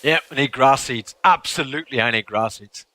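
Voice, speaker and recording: A young man giving casual live commentary while he plays a game, excitable and laughing often as he chats to viewers. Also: mid-range voice, normal speed. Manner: excitable, giggly, chatting to viewers. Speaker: gaming streamer.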